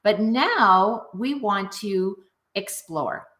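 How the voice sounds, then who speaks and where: A woman's voice: mid-range voice, extremely slow. A middle-aged woman music teacher talking viewers through a lesson in an upbeat, chatty way. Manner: upbeat, animated, addresses viewers directly. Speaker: music teacher and program founder. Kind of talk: enthusiastic online teaching video.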